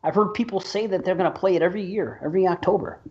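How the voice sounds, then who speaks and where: A man's voice: high voice, racing, dull audio. A man hosting a horror podcast in casual, enthusiastic and rambling chat. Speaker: podcast host.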